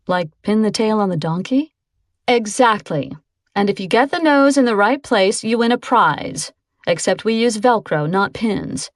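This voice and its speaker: A woman's voice: a little high, no room sound, clean studio sound. Woman voicing a bored, snippy teen girl. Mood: annoyed. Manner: whiny, exasperated, impatient.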